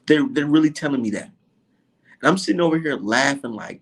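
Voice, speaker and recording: A man's voice: a little high, expressive, a little fast. A man giving a heated, profane, sarcastic rant full of rhetorical questions, speaking as a commentator to his audience.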